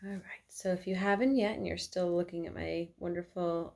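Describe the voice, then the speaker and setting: A woman leading a guided meditation at home, talking in calm, gentle, unhurried instructions. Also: fairly low pitch, gravelly. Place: indoors at home by an electric fireplace.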